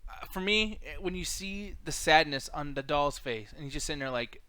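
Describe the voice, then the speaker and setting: A man's voice: fairly high pitch, lively intonation, normal speed, bright, forceful tone, smooth, no room sound. A man co-hosting a casual movie review chat, playfully combative and swearing. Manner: playfully combative, laughs often. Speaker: co-host.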